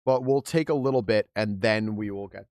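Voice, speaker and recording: A man's voice: lowish voice, moderate pace, a little mellow, no echo. A man streaming a game live, chatting casually with his viewers and greeting them by name. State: hiccuping.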